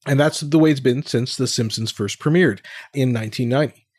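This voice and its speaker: A middle-aged man with a voice of average pitch talks in a thoughtful, questioning way, often restarting as he works out what to say. He sounds dry and close to the mic. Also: brisk, a little mellow, no room sound. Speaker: podcast co-host. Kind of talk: casual discussion.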